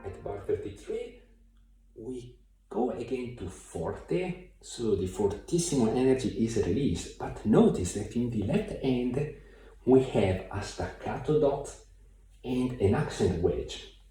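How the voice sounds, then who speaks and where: A man giving a piano tutorial in a thoughtful, hesitant way, with many pauses and fillers, recorded from a distance in a room with a piano. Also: mid-range voice, big pitch swings, warm tone. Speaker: piano teacher. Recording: very echoey room, mic far off. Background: piano playing.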